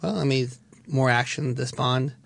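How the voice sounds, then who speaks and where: A man in his thirties chatting on a radio show, halting and full of fillers, acting out scenes as he describes movies. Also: mid-range voice, steady tone, creaky, fairly bright tone, dry recording. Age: 30s. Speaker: studio regular giving movie reviews. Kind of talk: casual radio banter. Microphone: studio mic.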